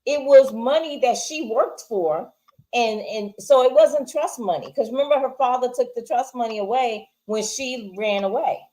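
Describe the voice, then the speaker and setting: A woman co-hosting a casual movie review, her voice pitched high. She talks emphatically, going over plot points and pushing back as they discuss it. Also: dark tone, rough recording. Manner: quick, emphatic, picks apart the plot. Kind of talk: casual spoiler review chat.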